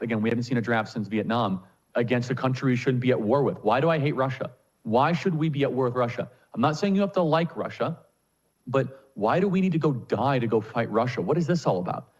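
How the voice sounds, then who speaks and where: A man speaking as a political commentator guest in an interview, forceful and firing off rhetorical questions. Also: mid-range voice, dull audio.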